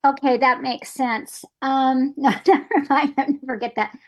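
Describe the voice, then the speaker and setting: Woman participant on a video call, somewhat high voice, hesitant questions, lots of fillers. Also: fairly even intonation, moderate pace. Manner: hesitant, laughs easily, many fillers. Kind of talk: casual webinar Q&A.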